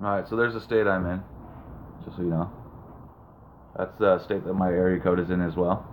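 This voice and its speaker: A man's voice: sits low, little pitch movement, fairly quick. A man hosting a casual live call-in stream, laid-back and rambling, with lots of fillers. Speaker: live show host. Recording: phone-like lo-fi with noise.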